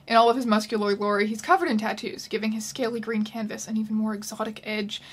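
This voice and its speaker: A woman hosting a comedic book reading with wry, deadpan asides. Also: fairly high pitch, quick pace, breathy edge. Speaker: YouTube host.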